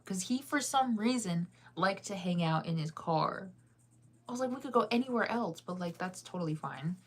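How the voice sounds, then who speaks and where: A young woman chatting through a storytime with a slightly low voice. She is animated and laughs often. Her pitch leaps when she acts out her own lines. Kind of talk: casual storytime.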